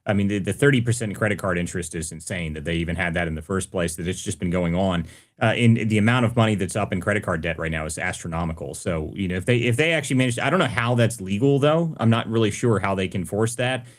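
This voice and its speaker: Brief: male live-show host, low voice, rapid delivery. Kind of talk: live audio space talk.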